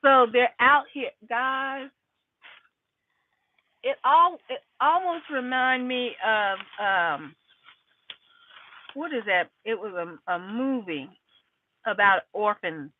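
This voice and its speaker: A woman's voice: on the high side, animated, takes it slowly, pauses often, no room sound. A woman talking to her followers on a phone vlog while shopping in a store, rambling and repeating herself as she thinks aloud. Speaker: vlogger. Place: inside a store. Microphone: phone held while walking. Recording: tinny phone audio in a noisy store.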